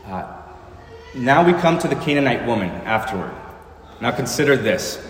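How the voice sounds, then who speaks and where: A man's voice: mid-range voice, expressive, normal speed. A man preaching a sermon, earnest, with rhetorical questions, recorded in a church sanctuary. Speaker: pastor. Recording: echoey church hall with long reverb.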